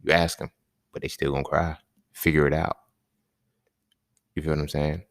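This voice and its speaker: Deep-voiced man, slangy casual monologue. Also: little pitch movement, normal speed, no echo, studio quality. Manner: emphatic, slangy, repeats points. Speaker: podcast host.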